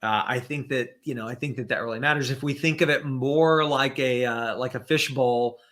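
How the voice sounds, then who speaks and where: A man's voice: mid-range voice, steady tone, normal speed, fairly bright tone. A man as a podcast guest in casual conversation, thinking aloud with many fillers and restarts, over a video call.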